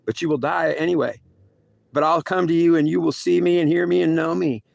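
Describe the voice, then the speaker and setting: A man's voice: fairly high pitch, fairly even intonation, fairly quick, vocal fry, a little mellow, no echo, voice pushed up. A man voicing a stern, lecturing God. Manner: repetitive, lecturing, stumbling restarts. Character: stern, scolding male God speaking to a soldier.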